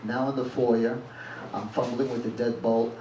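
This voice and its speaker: A man's voice: mid-range voice, level tone, moderate pace, mellow. Blunt male storyteller at a live reading, plain-spoken; echoey room, distant mic, noisy. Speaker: reader at a live reading series. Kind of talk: reading a first-person story aloud. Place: live reading event venue. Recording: echoey room from far off, with noise.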